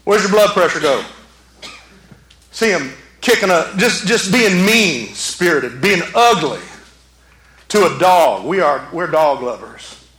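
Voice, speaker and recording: A man preaching a sermon, his voice pitched high and ringing bright. He swings between fervent shouts and hushed, quiet asides. The sound carries a roomy echo, as in a church hall. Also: lively intonation, slow pace. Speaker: pastor.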